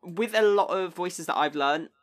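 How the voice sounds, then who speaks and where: A man, a guest on a podcast, chatting in a relaxed way with fillers and small laughs. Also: high voice, normal speed. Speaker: podcast guest and fellow player. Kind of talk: casual podcast chat.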